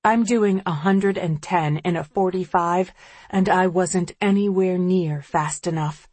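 A woman reading an audiobook in the first person, measured and tense. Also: lowish voice, darkish tone, dry recording. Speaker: audiobook narrator.

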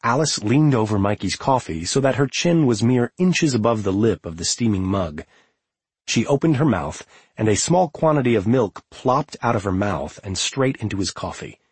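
Audiobook narrator, male, very husky, lowish voice, calm and measured, dry close mic. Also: no room sound.

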